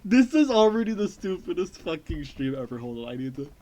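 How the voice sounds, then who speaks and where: A man streaming a retro platform game, chatting casually with viewers, excitable and swearing often. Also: fairly high pitch, a little fast. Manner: excitable, swears often, bursts of shouting and laughter.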